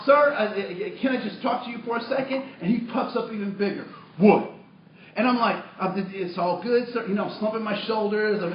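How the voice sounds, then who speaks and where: A man giving a storytelling talk to a workshop audience as trainer, animated, acting out his own lines with many restarts. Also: extremely high pitch. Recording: distant roomy muffled room recording.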